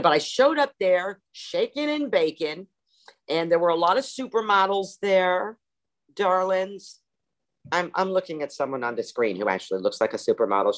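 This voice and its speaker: A woman telling her recovery story at a meeting over a video call, theatrical and self-mocking. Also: sits low. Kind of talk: personal storytelling talk.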